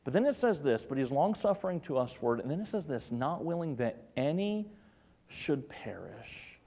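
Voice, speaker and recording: A man preaching a sermon as pastor, swinging between loud emphatic peaks and hushed, tender drops. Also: on the high side, big pitch swings, fairly quick. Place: church.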